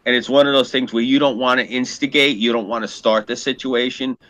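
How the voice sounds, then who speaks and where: A man's voice: mid-range voice, steady tone, a little fast, a bit bright. A man in casual podcast chat, telling a profane, heated story and acting out what people said.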